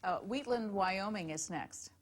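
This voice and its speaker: A woman hosting a call-in show, introducing callers and reading viewer emails in a brisk manner. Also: mid-range voice, lively intonation. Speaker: call-in host.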